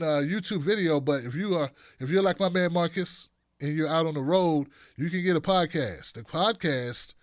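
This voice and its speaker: Loose and jokey, a man runs a casual livestream, reading out donations and chat comments and frequently breaking into laughter. His voice leans high, and the recording is dry and studio-clean.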